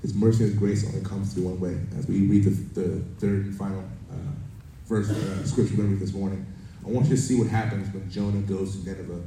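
A man's voice: sits low, flat delivery, fast talker, mellow. A man preaching a sermon, telling a family story and reading scripture in a conversational way. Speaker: pastor. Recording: roomy echo from a distance, faint background noise.

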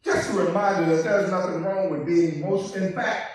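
A man preaching a call-and-response sermon, swelling from soft passages to shouts and stretching out key words. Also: high-pitched, fairly even intonation, brisk. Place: church sanctuary. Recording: echoey hall, preacher far from the mic.

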